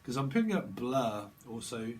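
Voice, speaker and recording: A man's voice: medium pitch, big pitch swings, normal speed, background noise. A man doing a casual tarot reading, rambling in playful free association and repeating words in sing-song runs. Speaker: tarot reader.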